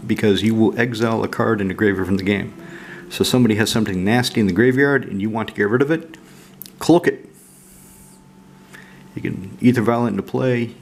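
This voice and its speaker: A man casually walking through his card game deck, relaxed and rambling with frequent fillers. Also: fairly low pitch, creaky, a little hiss or hum. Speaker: card game channel host.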